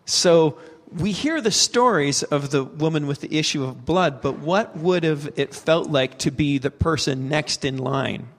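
A man's voice: fairly high pitch, animated, measured pace. A man co-hosting a faith talk show, teaching in a reflective way and asking questions, with some fillers. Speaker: co-host. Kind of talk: faith-based conversational teaching. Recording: long reverb.

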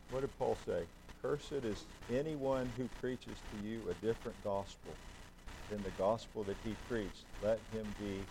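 A man's voice: lowish voice, mellow, slight background noise, rough recording. A man, a pastor, preaching a conversational sermon and putting questions to the congregation.

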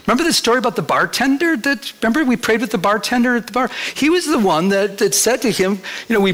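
A man's voice: high voice, fairly bright tone. A male pastor preaching a sermon in church, in a conversational storytelling manner that slips into acted quotes.

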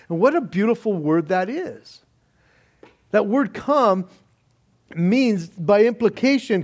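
A man preaching a sermon in a deliberate manner, with soft laughs between points. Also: sits high, animated. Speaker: pastor.

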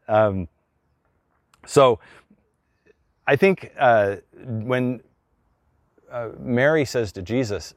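A man's voice: mid-range voice, takes it slowly, pauses often, no room sound, clean studio sound. A middle-aged man, a pastor, preaching a conversational sermon and acting out the people he quotes.

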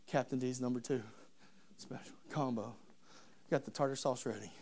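A man preaching a sermon, telling the story in an animated, humorous, conversational way. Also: medium pitch, normal speed.

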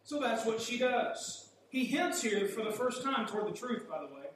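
A man's voice: extremely high pitch, lively intonation, moderate pace, fairly bright tone. Male preacher in an echoey hall. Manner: conversational, asks rhetorical questions. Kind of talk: sermon. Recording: echoey hall, mic far off, faint hum.

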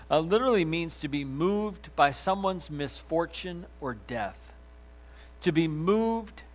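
A man preaching a sermon as pastor, swinging from loud emphatic lines down to soft, almost whispered ones. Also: on the high side.

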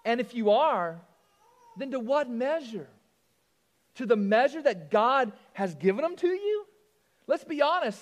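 A man preaching a sermon as pastor, telling a joke story with lively swings from loud to hushed. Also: very high-pitched, a little slow, long reverb tail.

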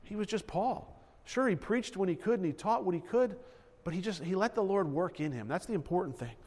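A man preaches a sermon as pastor, his voice sitting a little high for a man. He is earnest and keeps circling back on his words as he builds each point. The hall around him carries a long, echoing reverb. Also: lively intonation, a little fast, a little mellow.

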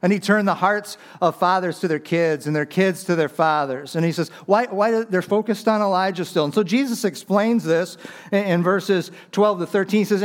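Pastor guy giving a sermon, kinda high voice, chatty, keeps asking the crowd questions. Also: normal speed. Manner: conversational preaching with rhetorical questions, voice rising on emphasis.

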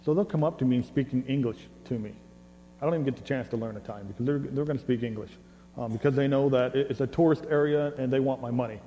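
A man's voice: medium pitch, fast talker, warm tone. A man preaching a sermon, conversational and joking, often stumbling over repeated words. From United States. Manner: conversational and joking, with stammered restarts. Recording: long hall reverb with faint mains hum.

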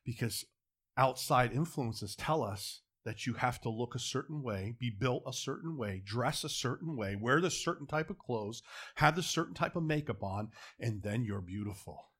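Lively, bright-voiced man preaching. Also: medium pitch, moderate pace, slightly rough. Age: middle-aged. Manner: animated, swinging between quiet asides and loud emphatic peaks. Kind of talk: sermon.

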